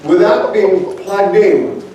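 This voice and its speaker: A man's voice: sits high, slow pace. A man preaching a sermon in a church, telling humorous stories in a chatty, self-mocking way and chuckling between anecdotes. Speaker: guest preacher. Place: large church sanctuary. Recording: very echoey hall, voice from far off.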